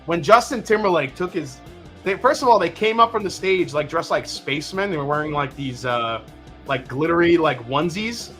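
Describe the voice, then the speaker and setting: A man's voice: a little high, lively intonation, normal speed, fairly bright tone, faint music behind. A middle-aged man hosting a casual live stream, joking and swearing freely as he chats with a guest and reads the chat. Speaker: livestream host.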